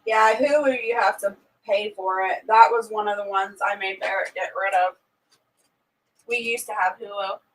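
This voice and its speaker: A woman chatting casually with viewers on a live stream, outspoken and quick to vent. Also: mid-range voice, steady tone. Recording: voice a bit distant from the mic.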